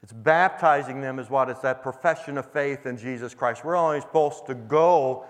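A man's voice: mid-range voice, moderate pace. Earnest man preaching in a reverberant hall. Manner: earnest, quoting dialogue in a conversational retelling. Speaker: preacher telling a testimony. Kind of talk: sermon storytelling.

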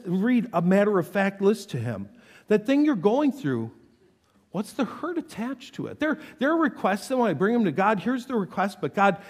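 A man's voice: high voice, in a large hall. A man preaching a sermon, reading scripture aloud with dramatic intensity. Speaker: pastor.

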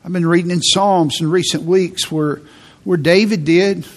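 A man's voice: high-pitched, steady tone, moderate pace. A man preaching a sermon in an earnest way, often repeating words as he goes. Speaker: pastor.

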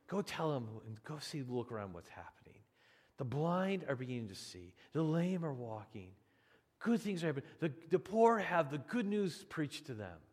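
Man, pastor preaching, lively pitch, chatty restarts, long hall reverb. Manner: animated, conversational preaching with frequent restarts. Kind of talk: sermon.

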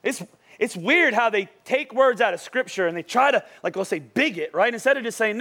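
Preaching in a church auditorium, a young adult male pastor uses a very high-pitched voice that is pushed and bright, with lively intonation and a slightly fast pace. He speaks casually and energetically, often restarting, repeating words and asking the congregation "right?"

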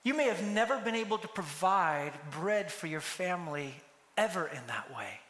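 A man's voice: high voice, very animated, moderate pace, a bit bright. A man preaching a sermon, telling a story and acting out the characters' lines. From United States. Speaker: pastor. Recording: echoey hall with long reverb.

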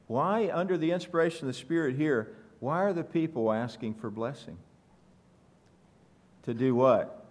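A man's voice: mid-range voice, a little mellow. Man teaching a conversational church sermon. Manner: reads scripture slowly, asks the congregation questions, self-deprecating humor. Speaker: pastor. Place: church sanctuary with congregation.

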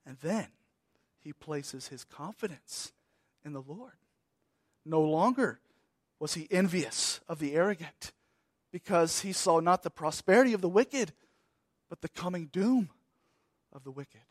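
A high-voiced man preaching a sermon at a slow, deliberate pace, leaning on repeated words for weight. He moves between raised, emphatic bursts and quiet, trailing phrases. The sound is close and dry, with no room echo. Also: animated. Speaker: pastor.

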